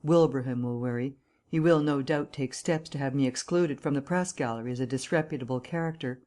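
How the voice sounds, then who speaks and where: A woman doing a gloomy, deadpan young correspondent. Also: very deep voice, brisk. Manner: flat, expressionless, rueful.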